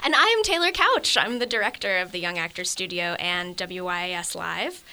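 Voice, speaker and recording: A woman's voice: lowish voice, lively intonation, normal speed, sharp tone. A woman who directs a young actors' studio, speaking upbeat in an interview. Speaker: youth theater director. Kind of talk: casual interview.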